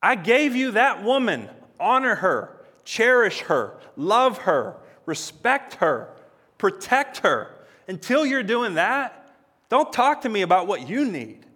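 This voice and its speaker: A man's voice: high-pitched, big pitch swings, slow, fairly bright tone, big-room sound, pitched above the performer's own voice, heavily acted. A preacher putting on Jesus, a man speaking as a bridegroom. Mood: stern. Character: Jesus as an awed, then stern, bridegroom.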